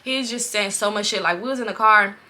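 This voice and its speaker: A young woman from Los Angeles, telling a casual storytime vlog story in an animated, profane way, laughing often. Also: medium pitch, a little fast. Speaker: vlogger.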